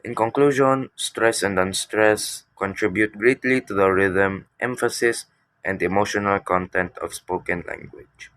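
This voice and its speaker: A male teacher with a very low voice gives a lecture. He reads from prepared text and often stops to restart a word. The sound is dry and close, with no room echo. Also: fairly bright tone. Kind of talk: classroom lecture.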